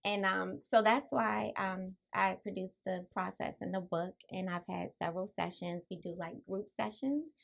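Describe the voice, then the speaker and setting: A woman with a soft, quiet voice, calmly explaining her ideas as an author guest on a radio talk show. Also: gravelly. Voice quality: soft, low-volume voice. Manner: calm, spiritual, unhurried explaining. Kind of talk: radio interview answers.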